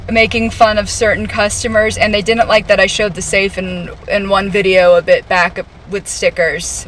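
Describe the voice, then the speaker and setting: Sarcastic, laughing woman with a high voice. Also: fairly bright tone. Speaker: retail worker telling her firing story. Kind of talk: casual storytime to camera.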